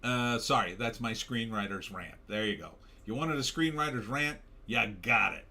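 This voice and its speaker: A man's voice: medium pitch, expressive, moderate pace, pushed and bright. A tired man hosting a livestream, ranting in a casual way and reading out chat comments. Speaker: livestream show host.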